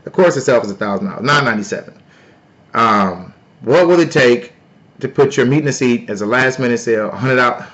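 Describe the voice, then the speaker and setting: A man hosting a live stream, talking loudly and playfully to his viewers in a casual sales pitch. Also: fairly quick, lo-fi sound. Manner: loud, playful, talks to chat. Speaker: livestream host.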